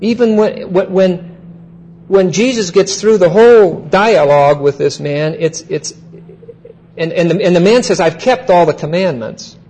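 A male pastor preaching a verse-by-verse sermon. He repeats key phrases, checks in with "Okay?", and slows down to stress key words. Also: high voice, warm tone, poor audio. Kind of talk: expository sermon.

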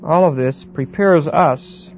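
A man lecturing a Bible class, pausing and repeating words and often checking that students follow. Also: a little high. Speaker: Bible teacher. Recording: dull lo-fi recording with faint hiss.

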